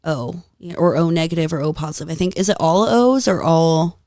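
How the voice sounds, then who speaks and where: A woman guest on a podcast, telling stories in a lively, casual way, swearing freely and laughing often. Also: low voice, moderate pace, no echo, studio quality. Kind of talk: casual storytelling chat.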